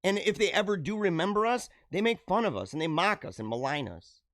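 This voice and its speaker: A high-pitched man hosts a live show, giving an exuberant, preachy pep talk with frequent laughs. The sound is dry and close, with no room around it. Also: lively intonation, brisk, fairly bright tone, dry recording. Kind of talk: motivational monologue.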